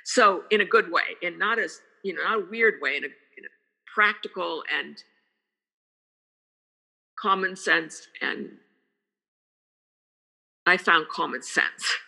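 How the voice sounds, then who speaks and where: Earnest older woman, very bright voice. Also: lowish voice, slow pace, vocal fry, long pauses, long reverb tail. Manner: earnest, repeats phrases for emphasis. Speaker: guest. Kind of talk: casual conversation.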